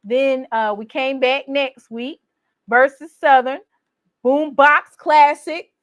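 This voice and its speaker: A woman recapping her team's college football season in a casual, boastful, teasing way, with animated exclamations. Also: high-pitched, takes it slowly, smooth, dry recording, lo-fi sound. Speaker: college football fan vlogger. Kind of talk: casual trash-talking recap.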